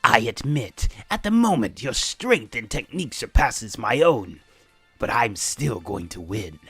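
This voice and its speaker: A haughty warrior prince speaks in clipped, old-dub villain tones, as a man puts him on. The voice swings between highs and lows over a dry, close sound. Faint music plays underneath. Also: big pitch swings, unhurried, sharp tone, breathy edge, dry recording, exaggerated voice. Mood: defiant. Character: proud arrogant male warrior prince, adult. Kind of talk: dramatic reading of comic dialogue.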